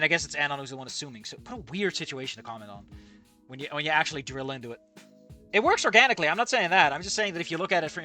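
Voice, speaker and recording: A man reads fan fiction aloud and breaks off into animated, ranting commentary, with frequent swearing and stammered restarts. His voice sits a little high and sounds bright, with a lively swing in pitch. Faint music plays underneath.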